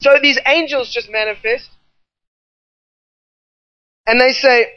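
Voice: high-pitched, steady tone, slow pace, long pauses, bright, forceful tone, no room sound. Emphatic preacher with a dry, dull sound. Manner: emphatic, repetitive preaching with rambling asides. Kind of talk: sermon.

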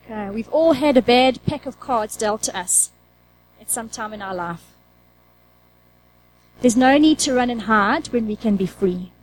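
A woman's voice: on the high side, lively intonation, measured pace, long pauses, rough recording. A woman preaching a conversational sermon, asking the audience questions and acting out her own inner dialogue.

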